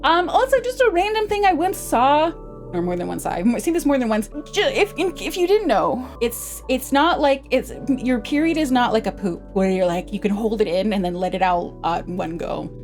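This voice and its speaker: A young adult woman streaming a casual educational talk, rambling with animated asides and frequent giggles. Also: fairly high pitch, moderate pace, soft background music. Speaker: vtuber streamer.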